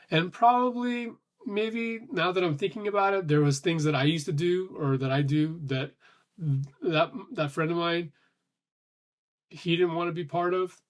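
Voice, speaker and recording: A man's voice: on the high side, steady tone, unhurried. A man in a casual thinking-aloud monologue who talks in loose, rambling restarts with some swearing and sounds a little short of breath. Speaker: vlogger.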